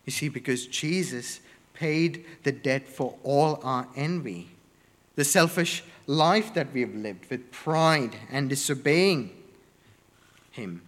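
Slow, deliberate male preacher in a reverberant hall. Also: medium pitch, fairly bright tone. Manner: slow, deliberate delivery with emphatic lists. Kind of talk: sermon.

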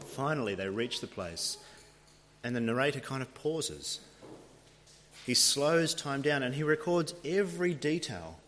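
A man's voice: mid-range voice, lively intonation, measured pace, a bit bright, slight background noise. A man preaching a sermon, retelling a scripture story in a dramatic storytelling manner. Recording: long reverb of a large hall.

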